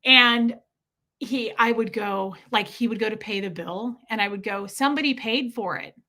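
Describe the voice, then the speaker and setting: Bright-voiced woman telling rambling stories. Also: medium pitch. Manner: animated rambling storytelling, quick bursts. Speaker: livestream host answering viewer questions. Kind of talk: casual chat.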